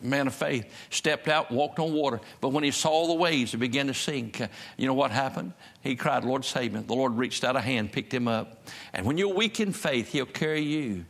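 Male pastor, mid-pitched voice, folksy sermon delivery with emphatic rises and repeated refrains. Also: normal speed, gravelly, a bit bright.

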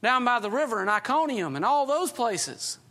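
A folksy old Apostle Paul, put on by a preacher mid-sermon, curious and friendly. He talks plainly and slowly about old times. The voice is high and bright. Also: very animated, heavily acted. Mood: reminiscing.

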